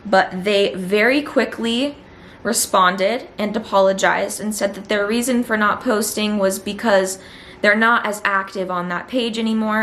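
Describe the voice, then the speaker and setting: A woman's voice: mid-range voice, a bit bright. Young woman ranting to camera in her vlog, fired up, keeps repeating herself for emphasis, bit of faint noise behind. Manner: indignant, emphatic, repeats phrases for effect. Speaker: former student, vlogger. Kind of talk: direct-to-camera vlog monologue.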